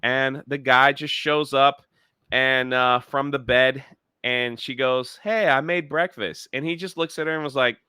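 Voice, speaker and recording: A man's voice: mid-range voice, fairly even intonation, unhurried, sharp tone, smooth, no echo, clean studio sound. A man hosting a casual review chat, dismissive and critical as he recaps the plot. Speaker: show host.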